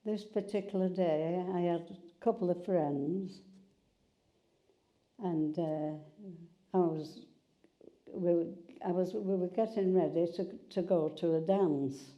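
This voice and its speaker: A woman's voice: lowish voice, fairly even intonation, takes it slowly, warm tone. An older woman, chattily telling stories from her past in an oral history interview. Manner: chatty storyteller, repeats and restarts. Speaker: interviewee recalling wartime. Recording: slightly dull sound.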